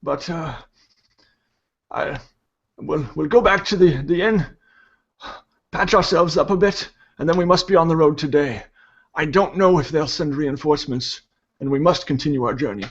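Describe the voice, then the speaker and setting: A man voicing a frail, fussy old male priest in a tabletop game, with a high, urgent, quavering voice. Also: moderate pace, long pauses, husky. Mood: anxious. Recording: dull lo-fi audio.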